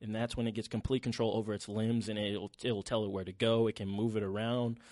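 A young man co-hosting a podcast, talking in an animated, slangy way and swearing freely. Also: lowish voice, brisk, dry recording. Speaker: podcast co-host. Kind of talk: casual chat.

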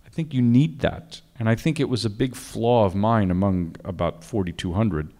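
A man who directs films, talking in an interview and telling self-deprecating anecdotes with halting restarts. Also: fairly low pitch, mellow. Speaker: film director. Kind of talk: interview conversation.

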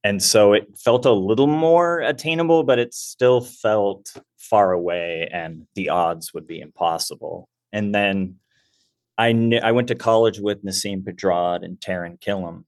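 A man's voice: on the low side, a little slow, no echo, clean studio sound. A man in his forties chatting as a podcast guest, laughing often. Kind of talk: casual podcast chat.

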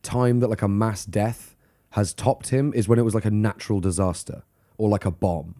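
His voice is warm, on the low side and steady, at a normal speed, as he co-hosts a laid-back true-crime podcast. He cracks jokes, swears, laughs and slips into mock voices while recounting the case.

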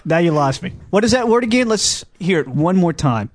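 A man's voice: sits high, very animated, a little fast, crowd noise. A young man hosting a casual radio show, bantering and joking with his co-host.

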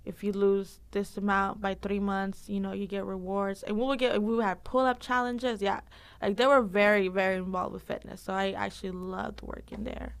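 A woman fitness instructor answering interview questions in a lively, casual way, laughing often and using lots of fillers. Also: mid-range voice, moderate pace, creaky, smooth.

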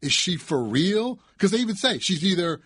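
A man's voice: high-pitched, sing-song, normal speed, fairly bright tone, slightly rough, no echo, studio quality. A man from the radio control room chatting casually with the host. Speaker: studio crew member. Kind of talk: casual chat.

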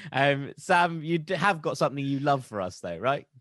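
A man's voice: on the high side, sing-song, normal speed, fairly bright tone, no echo, clean studio sound. A man hosting a casual football podcast, reciting a rhyming poem and then bantering and laughing with his co-hosts. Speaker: podcast host.

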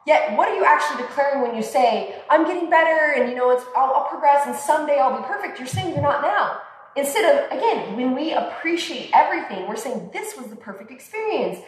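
Woman, higher voice, animated conversational talk, quotes people in voices, very echoey room, long reverb. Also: fairly quick. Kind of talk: conversational podcast chat.

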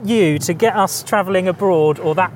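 A man, a regular on the show, making dry deadpan quips in casual chat. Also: high-pitched, moderate pace, a little hiss or hum. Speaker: regular co-host.

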